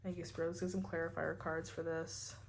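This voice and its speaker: A woman's voice: deep voice, flat delivery, brisk, gravelly, very noisy. A woman giving a casual tarot reading to her viewers, rambling and full of "like" and "you know". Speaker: tarot reader.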